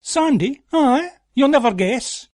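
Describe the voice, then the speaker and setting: A man's voice: very high voice, takes it slowly, voice pushed up, full character voice. A man doing a chatty, dapper Scottish foreman. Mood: gossipy. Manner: chatty, gossipy, relaxed. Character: dapper easygoing male farm foreman.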